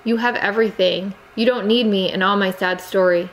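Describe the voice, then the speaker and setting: A woman voicing a reserved young Cambodian immigrant girl who speaks quietly in halting phrasing. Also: medium pitch, steady tone, slight background noise, close to an everyday voice, poor audio. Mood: restrained. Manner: quiet, halting non-native phrasing, restrained.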